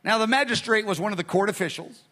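A man, a pastor, teaching through scripture in a conversational sermon, animated and retelling verses in everyday speech. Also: high voice, fast talker. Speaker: pastor teaching a Bible study.

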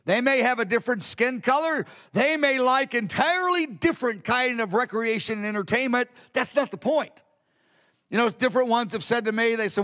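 A man with a very high voice preaches a sermon in an earnest, repeating manner, often circling back and restarting his phrases. His words ring with a long reverb from a large church hall. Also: brisk, pushed and bright. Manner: earnest, repetitive, with frequent restarts.

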